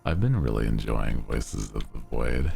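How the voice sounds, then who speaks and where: A man's voice: very deep voice, expressive, moderate pace, gravelly, mellow, faint music behind. A man chatting casually on a live stream as its host, with a melodic, lilting delivery that rises at the ends of sentences.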